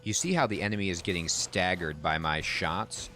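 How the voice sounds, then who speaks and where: A man's voice: deep voice, normal speed, sharp tone, faint music behind. A man giving casual, chatty commentary while playing a video game and reacting aloud to the action. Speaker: game streamer.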